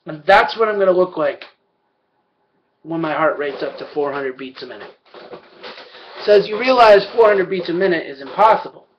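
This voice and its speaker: A young man doing a first stand-up set, telling a story in a loud, profane rant. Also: high-pitched. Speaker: stand-up comedian. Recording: dull lo-fi amateur recording.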